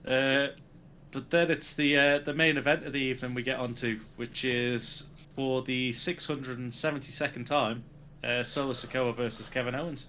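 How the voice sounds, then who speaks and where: A man co-hosts a casual wrestling podcast in a bright, forceful voice, recapping the shows with dry sarcasm. A faint hum of room sound sits behind him. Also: medium pitch, flat delivery, moderate pace. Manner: sarcastic, recaps segments with acted quotes. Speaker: podcast co-host.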